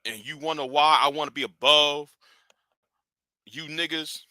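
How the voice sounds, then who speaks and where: A man hosting a livestream, scolding and animated in a profane rant that swings from shouting to hushed. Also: a little high, unhurried, no echo. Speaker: livestream host.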